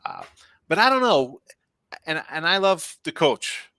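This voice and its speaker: A man's voice: a little high, wildly swooping pitch, unhurried, gravelly, sharp tone, dry recording. A man talking through a college football pick on a betting podcast, rambling and jokey as he thinks aloud. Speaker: sports betting analyst. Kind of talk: casual sports podcast chat.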